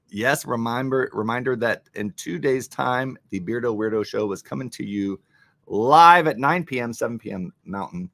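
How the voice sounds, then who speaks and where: Lively bright-voiced male streamer. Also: medium pitch, unhurried, gravelly, no echo. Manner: animated, joking, thanking viewers. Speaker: livestream host. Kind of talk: casual live-stream chat. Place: home in Rochester, New York.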